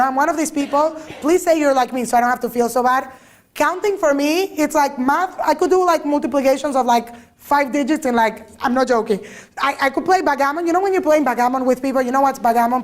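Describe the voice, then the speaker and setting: A woman giving an animated talk to a live audience, telling stories, joking and asking the listeners questions. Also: high voice. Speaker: speaker giving a religious talk. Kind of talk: lively storytelling talk to an audience.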